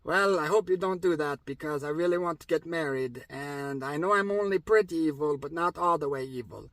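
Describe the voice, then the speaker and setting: A sulky, mildly evil king, whiny and pleading, as a man plays him, in a high-pitched voice and a quick delivery. It is a comic storybook retelling with a dry sound. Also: a bit bright, no room sound.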